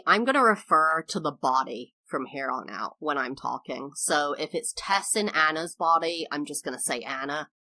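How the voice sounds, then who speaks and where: A woman's voice: deep voice, bright, forceful tone, no room sound. A woman podcast host recapping a movie in casual chat, full of "like" asides and acted-out quotes. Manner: chatty, lots of "like" asides; acts out quoted lines.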